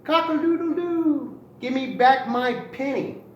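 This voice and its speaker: A man's voice: big pitch swings, a little slow, lo-fi sound. A man voicing a small, plucky male rooster who crows and demands things insistently in a storybook reading. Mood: crowing loudly. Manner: shrill crowing, insistent demands. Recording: roomy echo, distant mic, faint noise.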